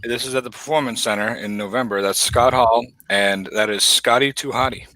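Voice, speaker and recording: A man's voice: medium pitch, steady tone, brisk, bright, forceful tone, low-quality recording. A man hosting a casual chat, telling loose stories with plenty of swearing and laughter.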